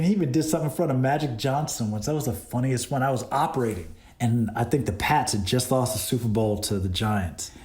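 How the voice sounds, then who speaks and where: Cinematographer guest, lively storyteller, laughs a lot, voice a bit echoey. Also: male voice, medium pitch. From Boston. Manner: animated, laughing, retells exchanges. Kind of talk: casual storytelling interview. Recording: roomy echo.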